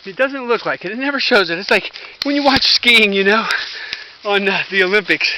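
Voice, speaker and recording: A middle-aged man talking earnestly about spiritual things while hiking up a wooded trail, short of breath, with halting restarts, recorded on a handheld camera. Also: high voice, bright, forceful tone, slight background noise, rough recording. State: out of breath from climbing. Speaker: vlogger. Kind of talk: rambling walk-and-talk vlog. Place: outdoors on a wooded hillside trail. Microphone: handheld camera while walking.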